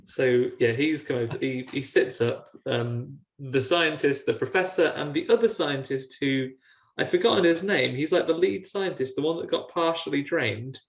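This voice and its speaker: A man's voice: on the high side, normal speed, vocal fry. A man co-hosting a casual film chat, rambling through scene retellings with many fillers. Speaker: podcast co-host. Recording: roomy echo.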